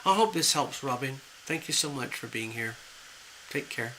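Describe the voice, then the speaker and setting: A man giving tarot readings on a live stream, talking gently and soothingly, rambling with fillers. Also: mid-range voice, expressive, moderate pace, noisy background. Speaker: tarot reader.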